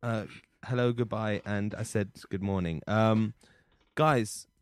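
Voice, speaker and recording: A man's voice: on the low side, steady tone, slow pace, smooth, no echo. A man co-hosting a comedy podcast, playing flustered characters in improvised scenes and then introducing the next game. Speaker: podcast co-host.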